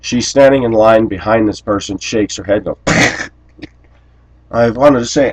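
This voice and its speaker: Blunt, low-voiced man ranting. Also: measured pace, pauses often, rough recording. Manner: talks in a blunt, aggrieved tone with frequent throat-clearing. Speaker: vlogger. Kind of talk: rambling personal monologue.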